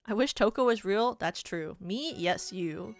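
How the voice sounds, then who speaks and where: A woman VTuber chats casually on stream, her medium-pitched voice expressive and her pace measured, with soft music in the background. She spins rambling hypotheticals, leans heavily on "like," and giggles often.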